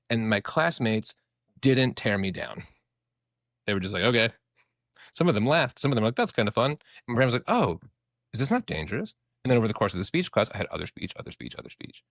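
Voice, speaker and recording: Casting: young male therapist, quick and animated, low voice, dry close mic. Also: dry recording. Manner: animated, swears casually, acts out inner voices. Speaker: therapist, podcast co-host. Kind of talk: casual podcast explanation.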